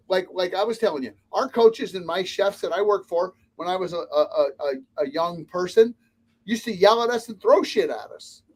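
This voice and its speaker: A restaurant consultant with a high-pitched, darkish voice appears as a guest in a casual interview. His advice is blunt and emphatic, laid out as a list of points.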